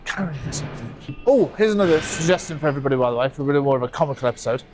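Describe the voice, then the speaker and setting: A man with a nasal, croaky voice that sounds like he has a cold, hosting a scrapyard vlog in quick, jokey casual chat outdoors. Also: medium pitch, expressive, a little mellow. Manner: fast-talking, jokey. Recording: music playing under the voice.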